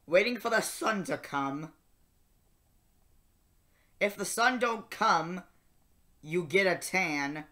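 A man's voice: a little high, bright, forceful tone, exaggerated voice. A man playing the Twelfth Doctor, a sardonic, grumpy older male alien time traveller, reading and singing lyrics in character with exasperated muttered asides.

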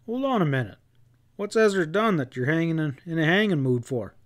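Stubborn cowboy, read by a man, protests and pleads, folksy drawl-free talk, a bit high. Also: animated, brisk, lightly acted. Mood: protesting. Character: stubborn young cowboy shielding his friend.

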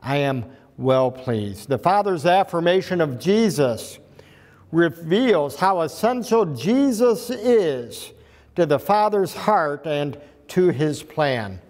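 A man's voice: fairly high pitch, animated, slow pace, darkish tone. A man preaching a sermon as pastor, earnest and building to emphatic climaxes. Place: church sanctuary. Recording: long reverb of a church hall.

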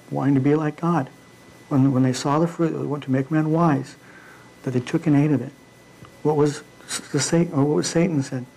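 A man preaching an informal midweek sermon in a church, talking in a halting way with frequent fillers and restarts. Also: fairly high pitch, creaky, warm tone, rough recording.

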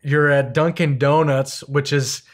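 Middle-aged male podcast host, slightly high voice, encouraging recaps. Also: fairly even intonation, unhurried. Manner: warm encouraging interjections, recaps the guest's story. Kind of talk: casual interview.

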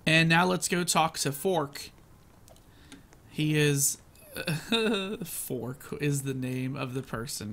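A man giving casual, excitable commentary as he plays a video game and narrates his own moves. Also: a little high, slow, long pauses. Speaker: gaming channel host.

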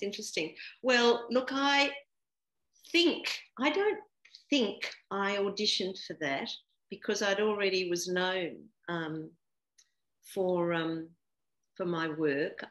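A woman's voice: medium pitch, expressive, slow, a bit bright. A woman in her sixties, a guest actor chatting casually in an interview, laughing often and full of fillers and restarts. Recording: roomy echo.

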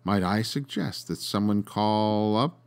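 A man's voice: fairly low pitch, clear, resonant tone, natural voice. A man doing a grandiloquent stage magician. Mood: grandiose. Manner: theatrical, slow and grand.

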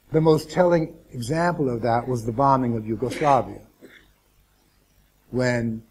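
A man speaking as a guest lecturer to students, deliberate and wry, with asides and restarts. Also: mid-range voice, darkish tone, a little hiss or hum.

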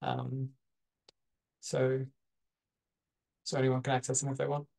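A man presents his work over a video call, his gravelly voice staying flat and level. He talks hesitantly, pausing and restarting often with plenty of fillers. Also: medium pitch, low-quality recording. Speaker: guest speaker. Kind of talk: online presentation.

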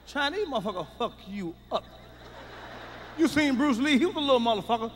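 A man doing a stand-up comedy routine, loud and profane, swinging between shouted punchlines and muttered asides. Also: very high voice, expressive, fast, slight background noise. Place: large theater stage with live audience. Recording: live concert hall reverb.

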